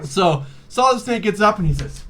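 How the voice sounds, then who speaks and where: A man's voice: sits high, lively intonation, moderate pace, bright, forceful tone. Rambling, foul-mouthed young man. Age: 20s. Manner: rambling, profane, laughing, many fillers. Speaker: video host. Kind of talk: casual comedic game recap.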